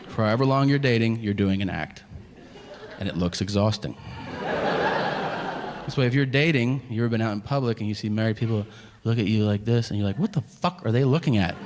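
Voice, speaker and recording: Animated stand-up man in a reverberant club. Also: medium pitch. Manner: animated, profane storytelling with acted-out dialogue. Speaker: stand-up comedian. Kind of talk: stand-up comedy set. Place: comedy club stage before a laughing audience. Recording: reverberant venue with crowd noise.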